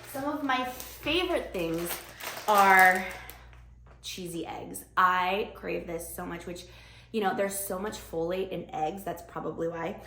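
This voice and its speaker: A woman's voice: mid-range voice, a bit bright. A young woman vlogging in casual, bubbly chat straight to camera, talking with lots of enthusiasm. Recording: echoey room.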